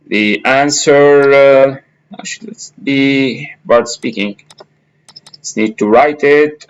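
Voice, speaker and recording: Slow, halting man with many fillers. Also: mid-range voice, rough recording. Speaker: instructor. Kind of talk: screen-recorded software tutorial.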